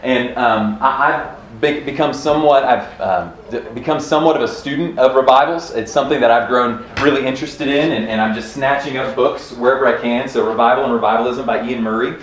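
A man in his thirties from Kansas giving a casual, earnest church talk, chatty and quick to laugh, often restarting his sentences. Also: medium pitch, a bit bright. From Kansas, USA. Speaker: church speaker teaching on revival history. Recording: roomy echo, faint room ambience.

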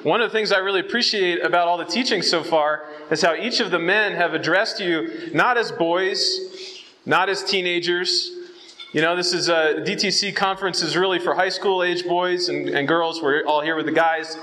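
Bright-voiced, high-pitched male preacher. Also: moderate pace, low-quality recording. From Southern California. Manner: casual and conversational, with fillers and audience check-ins. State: out of breath from altitude. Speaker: conference speaker. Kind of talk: youth conference sermon.

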